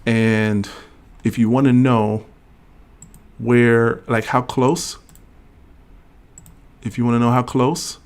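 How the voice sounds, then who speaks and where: Brief: middle-aged male livestream host, mid-pitched, casual and talkative, reads rules aloud. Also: flat delivery, slow, long pauses, smooth. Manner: casual and talkative, reads legal text aloud, jokes with the chat. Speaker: host of a veterans' benefits livestream. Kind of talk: livestream explainer reading regulations and chatting with viewers.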